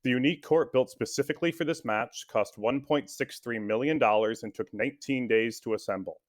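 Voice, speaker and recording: A man's voice: mid-range voice, brisk. A man from the Minneapolis area hosting a trivia podcast game, easygoing and careful reading questions. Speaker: guest quiz host.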